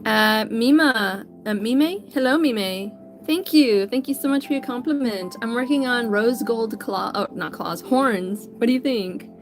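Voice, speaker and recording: A woman's voice: a little high, a little slow, faint music behind. A woman artist chatting casually on a livestream while she draws, greeting viewers by name in an upbeat, chatty way. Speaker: digital artist streamer.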